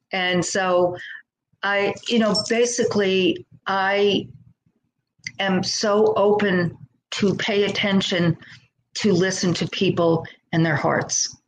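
A woman's voice: fairly low pitch, a little hiss or hum, low-quality recording. A middle-aged woman, a podcast guest, tells her life story earnestly and thoughtfully, sometimes acting out the voices of people she quotes. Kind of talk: conversational storytelling.

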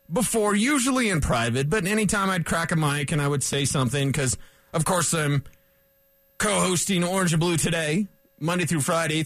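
Excitable high-voiced sports radio host. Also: male voice, dry recording. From Colorado. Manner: excitable, rambling, chuckles between thoughts. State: a little out of breath.

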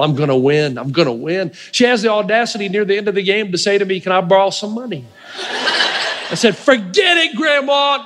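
Brief: male pastor with a very high voice, lively storytelling sermon, ringing hall reverb. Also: slight background noise. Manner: animated, acts out quoted voices, laughs often.

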